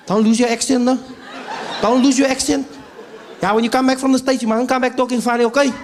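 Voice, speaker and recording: Eager South African young man voiced by a man, loud, high, pleading. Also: fairly even intonation, fast talker, slight background noise.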